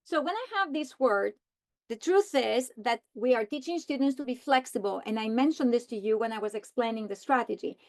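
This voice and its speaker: A woman explaining how to teach a reading lesson, slowly modeling the script she would read to students. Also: a little high, expressive. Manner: slow, deliberate modeling of a script. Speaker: teacher trainer. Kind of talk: instructional walkthrough.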